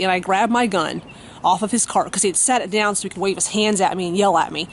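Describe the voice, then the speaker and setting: A woman's voice: medium pitch, brisk, a little hiss or hum. A woman vlogging at home, telling a story to the camera in a blunt, profane way with lots of fillers.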